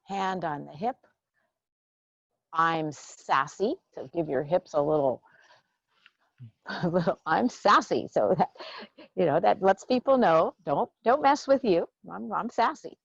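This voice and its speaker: Woman, qigong instructor: slow, low-pitched cues in a dry, close recording. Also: lively intonation, vocal fry, a little mellow, no echo. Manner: slow, soothing cues, playful when leading affirmations. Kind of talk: guided qigong meditation. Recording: dull, dry lo-fi sound.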